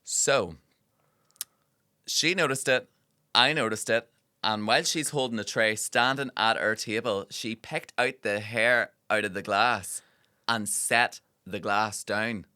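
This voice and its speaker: A man's voice: fairly low pitch, slow, pushed and bright, clean tone, no echo, studio quality. A man, co-hosting a casual podcast, telling a story animatedly with lots of fillers and swearing. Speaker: podcast co-host. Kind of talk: casual chat.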